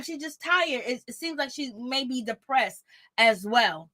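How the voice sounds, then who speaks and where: High-voiced woman dishing casual gossip. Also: a little slow. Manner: animated, laughing, blunt and profane. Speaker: commentator on a reality show. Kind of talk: casual reaction commentary.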